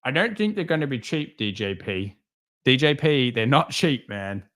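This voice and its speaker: A man hosting a live market stream, reading viewer comments and answering them with sarcastic jokes and animated stories. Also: mid-range voice, moderate pace. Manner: sarcastic, joking, animated storytelling.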